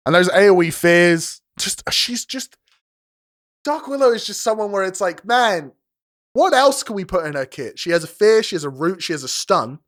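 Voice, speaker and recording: A young man, casting a live esports match solo, racing through rapid play-by-play that builds to shouting at big fights, with chatty asides to his stream chat. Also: sits high, animated, no room sound, studio quality. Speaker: esports caster. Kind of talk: solo live game commentary.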